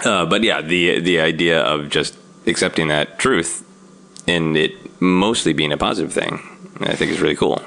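A man's voice: a bass voice, normal speed, gravelly, bright, forceful tone. A man hosting a podcast, chatting casually with a guest and laughing easily. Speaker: podcast host. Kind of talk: casual interview chat.

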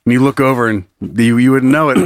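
A man's voice: mid-range voice, normal speed, no room sound, clean studio sound. A man co-hosting a comedy podcast, laughing often as he spins out absurd scenarios in casual chat. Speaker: podcast co-host.

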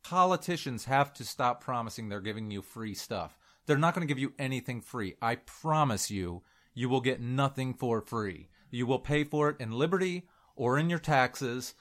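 A man's voice: mid-range voice, animated, normal speed, fairly bright tone. A man co-hosting a casual political chat, his voice cracking as he rants bluntly and with emphasis. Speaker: co-host.

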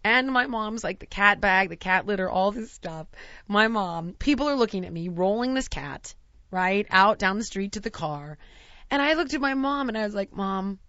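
A woman's voice: medium pitch, expressive, normal speed, bright, forceful tone, dry recording, muffled recording. A woman in her forties telling a comic story about her own life, acting out the people in it with self-mocking animation. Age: 40s. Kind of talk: comedic storytelling.

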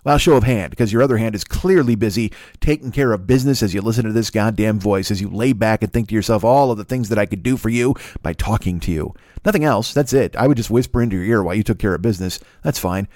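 A man's voice: fairly low pitch, quick pace, few pauses, darkish tone, no room sound, studio quality. A man hosting a comedy podcast, delivering a boastful, crude, mock-seductive monologue about his own voice. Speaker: podcast host.

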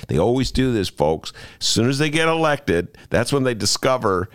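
A man's voice: mid-range voice, big pitch swings, normal speed, clean tone. A man hosting a casual radio talk show, telling rambling jokey stories and acting out other people's lines. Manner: rambling, jokey storyteller with voiced asides. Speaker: host.

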